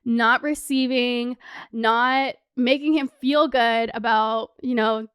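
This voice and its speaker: A young woman in her twenties chatting excitedly to camera as a vlogger, swearing freely. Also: on the high side, slow, clear, resonant tone, dry recording, studio quality. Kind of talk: casual chat to camera.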